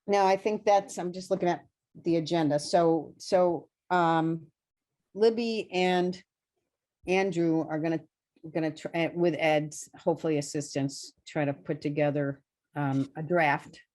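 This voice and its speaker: A woman's voice: sits low, fairly even intonation, a little slow, darkish tone. A woman chairing a committee meeting over a video call, talking hesitantly with many fillers and restarts. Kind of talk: online meeting talk.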